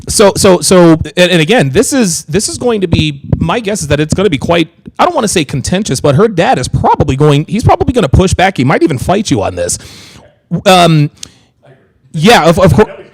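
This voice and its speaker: With a fairly high voice, this American livestream host chats casually, jokes around and restarts his sentences again and again, full of animation. The recording is low-quality, with no room sound.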